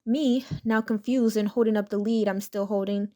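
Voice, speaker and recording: A woman reading online stories as a scripted narration, in a steady, matter-of-fact way. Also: mid-range voice, normal speed, hardly any pauses.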